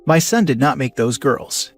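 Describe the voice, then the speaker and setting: A man's voice: mid-range voice, lively intonation, moderate pace, soft background music, lightly acted. A man reading as a spiteful older mother-in-law. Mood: accusing. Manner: accusing, scornful.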